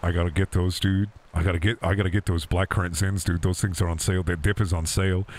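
A man's voice: deep voice, flat delivery, quick pace, darkish tone. A young man streaming a game, riffing in jokey, repetitive casual commentary. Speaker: gaming streamer. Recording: faint background noise.

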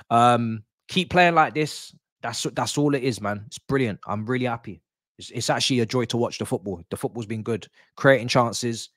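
A man hosting a live football watch-along, chatting excitedly to his viewers as a fan. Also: medium pitch, normal speed, no room sound, clean studio sound. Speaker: football fan channel host.

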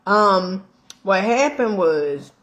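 A middle-aged woman vlogging, telling a story in a casual, animated way, laughing often, with slang and emphatic swearing. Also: medium pitch, extremely slow. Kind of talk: casual storytelling chat while eating.

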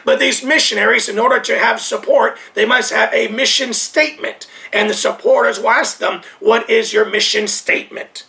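A man's voice: high-pitched, steady tone, moderate pace, creaky, few pauses. A man from the United States preaching a sermon, repeating his points with emphasis and dropping to near whispers. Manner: repetitive emphatic preaching, swinging from loud to hushed. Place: Thailand.

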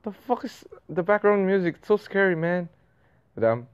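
A man's voice: high voice, lively intonation, normal speed, clear, resonant tone, muffled recording. Swearing, jumpy young gaming guy. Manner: loud reactive swearing and laughing. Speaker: gaming channel host. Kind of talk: horror game commentary.

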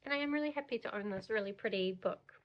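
A woman chats casually to her camera about books. Her pitch sits in the middle range, and her delivery is friendly, rambling and self-deprecating, full of fillers. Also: fast talker, lo-fi sound. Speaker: book vlogger. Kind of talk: casual reading vlog.

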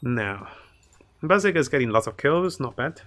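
A man's voice: medium pitch, very animated, normal speed, a bit bright. A man commentating his own strategy game live, chatting to viewers and laughing often. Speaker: streamer playing a strategy game.

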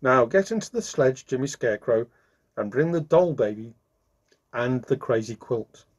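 A man voicing a merry, kindly old Santa Claus who talks in a hearty, brisk way. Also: medium pitch, expressive, slightly rough. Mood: reassuring.

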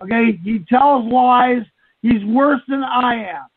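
A man's voice: very high voice, takes it slowly, exaggerated voice. A man doing a foul-mouthed angry pastor caller. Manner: insulting, spells words out. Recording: husky tinny phone line.

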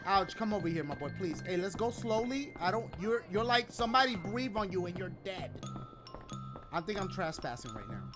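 Male let's-play host, high and very lively, slangy, with game music behind. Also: normal speed. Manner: animated, slangy, bursts into loud exclamations. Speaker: gaming commentator. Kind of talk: casual let's-play commentary. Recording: game music playing underneath.

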